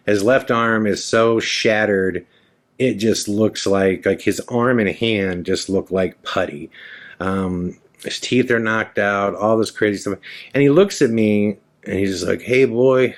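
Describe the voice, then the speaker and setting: Man in his forties, podcast host, low voice, frank rambling monologue with swearing. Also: a little slow. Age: 40s. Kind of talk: candid personal monologue.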